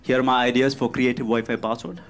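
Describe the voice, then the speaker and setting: A man performing live stand-up comedy, exasperated and animated as he tells his bits. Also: medium pitch, fast. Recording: live stand-up with loud crowd laughter and noise.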